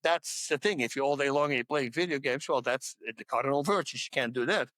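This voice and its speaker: A man in his sixties, a podcast guest, telling stories in an animated, emphatic way. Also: medium pitch, a little fast, no echo. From Netherlands. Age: 60s. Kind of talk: casual chat.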